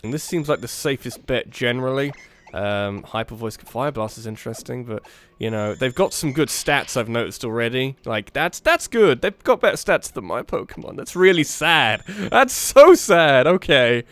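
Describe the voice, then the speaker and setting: A man hosting a let's play, giving rambling, animated gameplay commentary with frequent restarts. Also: mid-range voice, moderate pace. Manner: animated, rambling, self-interrupting.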